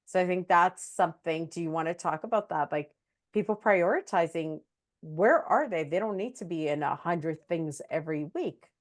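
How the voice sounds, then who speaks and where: A woman's voice: lowish voice, moderate pace. A woman hosting an interview, telling stories in a chatty way and laughing often. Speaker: host, psychic medium. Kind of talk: casual interview chat.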